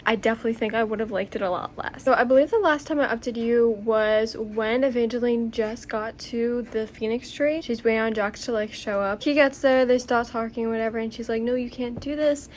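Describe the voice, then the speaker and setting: Young female book vlogger, excitable and chatty; slightly high voice, faint background hiss. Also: brisk, few pauses. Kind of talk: casual book recap.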